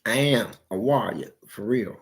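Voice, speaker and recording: A man's voice: fairly low pitch, a little slow. A man in casual conversation, animatedly telling stories from his life and acting out his family's voices. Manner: animated storyteller who acts out family voices. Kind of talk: casual storytelling chat.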